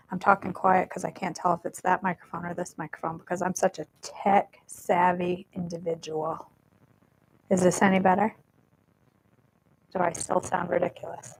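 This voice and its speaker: A woman's voice: on the low side, a little hiss or hum. A woman hosting a casual live cooking stream from her home kitchen, chatty and self-deprecating while she fiddles with her mic, over warbly, staticky audio.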